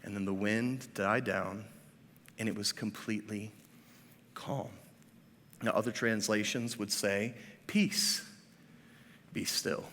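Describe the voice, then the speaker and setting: A man in his thirties preaching a sermon as pastor. He swings between hushed, drawn-out lines and loud, emphatic ones, with self-deprecating asides. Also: lowish voice, steady tone, slight background noise. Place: church. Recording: reverberant church sanctuary.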